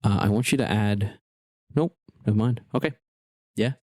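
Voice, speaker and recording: A man's voice: fairly low pitch, normal speed, darkish tone, no echo, studio quality. A man narrating as game master in an easygoing, descriptive way.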